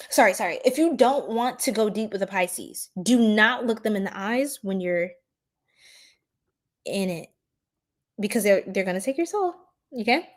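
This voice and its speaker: A woman's voice: medium pitch, expressive, normal speed, long pauses. A woman with a New York accent hosting a casual astrology livestream, sassy and playful, laughing often and repeating herself.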